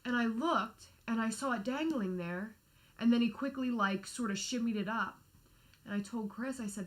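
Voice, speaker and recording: A woman's voice: fairly high pitch, normal speed. A woman co-hosting a casual livestream, telling a story with lots of swearing and quoted asides. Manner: animated storytelling, swears freely. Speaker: podcast co-host.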